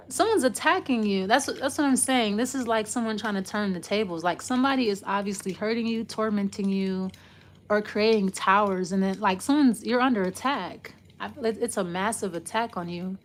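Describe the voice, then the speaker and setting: A woman's voice: medium pitch, normal speed. A woman giving a casual, loose tarot reading, rambling and trailing off as she talks it through. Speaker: tarot reader.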